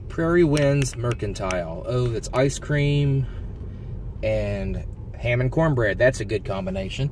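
A man's voice: lowish voice, a little slow, a little hiss or hum. A man vlogging casually while driving, reading signs aloud and marveling at what he sees. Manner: excitable, reads signs aloud, wondering. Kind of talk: casual driving vlog narration. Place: in a car driving through a village.

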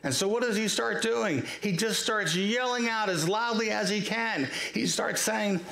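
A man's voice: high-pitched, moderate pace, vocal fry, bright, forceful tone, a little hiss or hum. A male pastor preaching a sermon, telling the story with acted-out cries and asides to the congregation. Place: church sanctuary. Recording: echoey church live stream.

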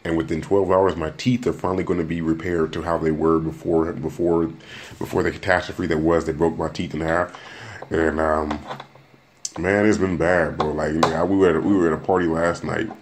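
Young man with a very low voice, rambling podcast chat. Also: little pitch movement, moderate pace, a little hiss or hum. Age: young adult. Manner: rambling, joking, repeats words and restarts often. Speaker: podcast host. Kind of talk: casual solo podcast monologue.

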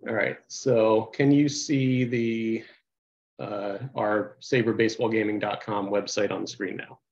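A man co-chairing a committee, presenting a website on a video call, halting, with many uhs and restarts. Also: lowish voice, fairly even intonation, darkish tone, lo-fi sound. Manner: halting, heavy with uh and restarts, sometimes mutters aside. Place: home office on a video call. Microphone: computer mic on a video call.

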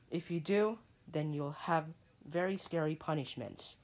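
A woman's voice: low-pitched, moderate pace, hardly any pauses. A woman reading a scripted computer error announcement, repeating stern warnings over and over.

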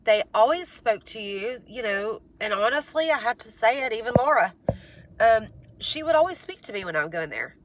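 A woman's voice: fairly high pitch, lively intonation, brisk, a little hiss or hum. A woman ranting to her viewers in a casual vlog, congested and stuffed up, rambling with many "um"s and restarts, frank and exasperated. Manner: exasperated, pleading. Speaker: vlogger. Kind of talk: casual rant to camera.

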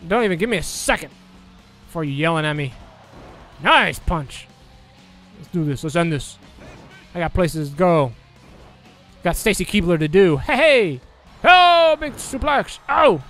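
A young man giving casual, excitable let's play commentary, joking crudely and shouting at the game. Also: high-pitched. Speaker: gameplay commentator.

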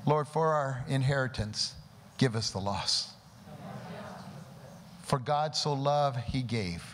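A man preaches to a congregation at a mid-pitched, ordinary register, praying aloud and pressing the room with rhetorical questions. His voice rings out into a long hall reverb. A faint background hum sits under it. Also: slow. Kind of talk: sermon. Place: church service before a congregation.

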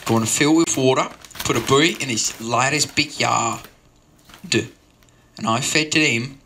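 A man telling a rambling, absurd story at an open mic in a deadpan way, full of digressions. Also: mid-range voice, a little slow.

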